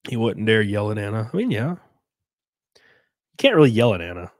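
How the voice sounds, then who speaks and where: A man's voice: on the low side, very animated, unhurried, dry recording. A man hosting a casual livestream while sick, chatting loosely with viewers, swearing and trailing off mid-thought. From United States. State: sick, congested. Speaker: livestream host. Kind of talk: casual livestream chat reading viewer comments.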